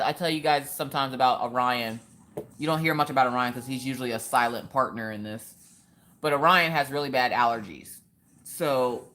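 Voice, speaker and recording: A woman's voice: very deep voice, fairly bright tone. A woman hosting a casual craft live stream, joking around and answering viewers in the chat by name.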